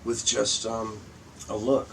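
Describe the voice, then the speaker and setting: An older comedian from Michigan, telling profane anecdotes in a casual interview and acting out quotes. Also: male voice, medium pitch, monotone, slow, vocal fry, fairly bright tone, far from the mic, a little hiss or hum, low-quality recording. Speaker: guest comedian. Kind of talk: casual storytelling chat.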